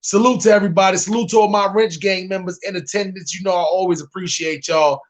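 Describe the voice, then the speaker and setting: A man's voice: high-pitched, steady tone, quick pace. A man from New York hosting a live stream reaction, talking in a laid-back way and repeating "man". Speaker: host.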